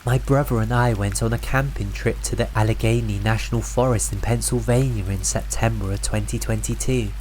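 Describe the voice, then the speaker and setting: A man narrating a scripted horror story in an even, measured way. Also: fairly low pitch, slight background noise, low-quality recording. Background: faint rain.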